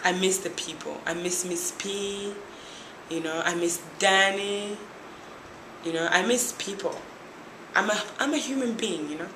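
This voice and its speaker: A young Tanzanian woman who once competed on a reality show recounts her story in an interview, lively and animated as she acts out what others said. Her voice is medium-pitched and measured in pace, recorded in an echoey room with faint noise.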